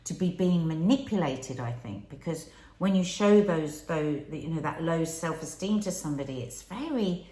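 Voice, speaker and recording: A woman's voice: sits low, lively intonation, moderate pace, warm tone. A middle-aged woman with an earnest, reflective manner, co-hosting a candid podcast chat with her partner. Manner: earnest, reflective, quotes herself in asides. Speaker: podcast co-host. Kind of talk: candid couple's conversation. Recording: echoey room.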